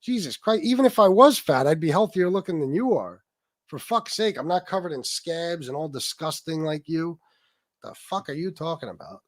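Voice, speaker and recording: Male streamer, angry profane rant, slightly high voice, dry recording. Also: expressive, normal speed, no room sound. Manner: profane, aggressive, talks to chat. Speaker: livestream host. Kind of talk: heated livestream rant.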